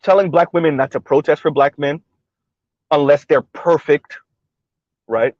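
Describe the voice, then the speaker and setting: Man, somewhat high voice, rhetorical questions, emphatic commentary. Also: a little mellow, no room sound, lo-fi sound. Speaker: commentary video host. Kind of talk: monologue commentary.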